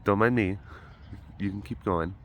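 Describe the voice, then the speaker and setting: Man, vlog host, casual chat, rambling, fairly low voice. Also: moderate pace, dull audio, slight background noise. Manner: rambling, chatty storytelling with frequent fillers. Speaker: vlog host at a wild animal facility.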